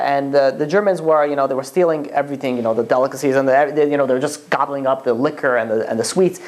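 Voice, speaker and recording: A low-pitched woman tells a story in a religious talk. She keeps stopping and restarting her sentences and leans on "you know" as she goes. Her phrasing carries bits of Yiddish-flavored slang. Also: a little mellow. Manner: halting, full of restarts and "you know" fillers.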